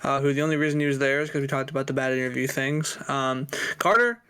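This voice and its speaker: A man with a smooth, clear, mid-pitched voice hosting a casual sports podcast. He talks in a loose, meandering way as he steers the discussion. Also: quick pace, sharp tone. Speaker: podcast co-host.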